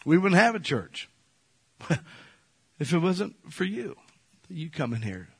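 A middle-aged man preaching a sermon in church, talking in a conversational way that swings from loud to soft. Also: fairly high pitch, sing-song, takes it slowly, gravelly, breathy edge. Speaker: pastor.

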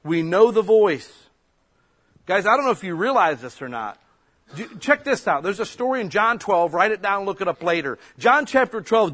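A man preaches a sermon in a folksy, conversational way. His voice sits a little high, and it jumps now and then into loud, emphatic bursts. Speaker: pastor.

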